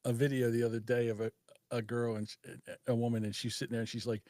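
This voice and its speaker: A man's voice: mid-range voice, level tone, fast talker, mellow, dry recording, clean studio sound. A man, hosting a casual live stream, rambling and laughing often. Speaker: host.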